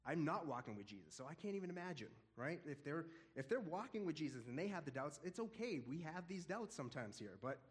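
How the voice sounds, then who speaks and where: A man teaching a casual Bible study in an animated, conversational way, often chuckling. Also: on the high side, fast talker, few pauses.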